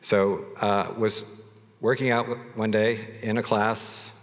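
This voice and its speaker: Low-voiced pastor in a reverberant hall. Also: male voice, level tone, slow pace. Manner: conversational, storytelling, self-deprecating asides. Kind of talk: sermon.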